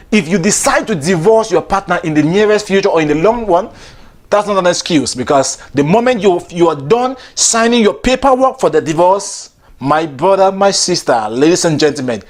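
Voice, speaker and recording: A man's voice: sits high, lively intonation, normal speed. A comedian host delivering a playful comic monologue and often laughing through his lines. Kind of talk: stand-up style comic monologue.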